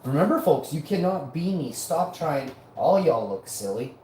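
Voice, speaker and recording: A man's voice: fairly high pitch, very animated, moderate pace, warm tone, slight background noise. A man hosting a live show, ranting in a profane, combative and mocking way. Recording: roomy echo.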